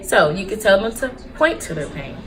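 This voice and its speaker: A young adult woman, a nurse, hosting a casual teaching vlog in an upbeat, lively way, slowing down to model phrases. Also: mid-range voice, soft background music, low-quality recording. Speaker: nurse and YouTube host.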